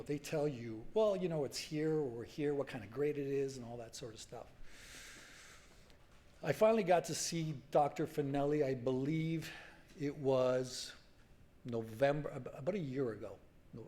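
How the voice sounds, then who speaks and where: Halting, emotional man in his forties. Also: medium pitch, a little mellow. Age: 40s. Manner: halting and emotional, many fillers and restarts. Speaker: patient speaker at a medical symposium. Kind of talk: personal story told to an audience. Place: conference hall.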